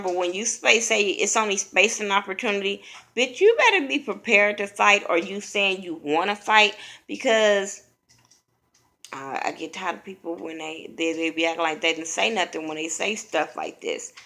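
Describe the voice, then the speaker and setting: A woman's voice: medium pitch, bright, forceful tone. A woman giving a blunt, profane, opinionated casual recap of a reality TV episode.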